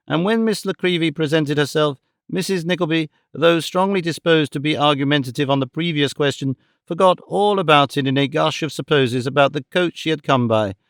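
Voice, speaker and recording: A man narrating a classic novel in a measured, expressive reading on a close studio mic. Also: fairly high pitch, no room sound. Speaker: audiobook narrator.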